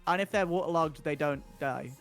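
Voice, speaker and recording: A man's voice: on the high side, a little fast, music in the background. A man chatting casually as a guest on a stream, rambling with many restarts. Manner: rambling, stumbling restarts, lots of "like".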